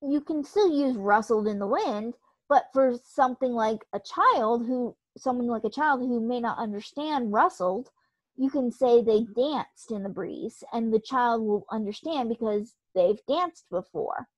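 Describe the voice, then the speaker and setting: A woman with a fairly high voice teaches writing in a recorded online lecture. She explains in a loose, conversational way and leans on examples, and the sound is dry and close, with almost no room around her. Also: a little slow, no echo, low-quality recording. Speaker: writing instructor.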